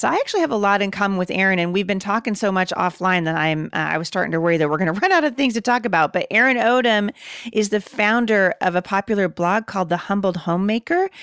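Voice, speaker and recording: Woman host, Pacific Northwest American accent, upbeat chatty podcast read, smooth tone, dry close mic. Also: mid-range voice, fairly bright tone, dry recording. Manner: upbeat, chatty, laughs often. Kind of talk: casual podcast chat.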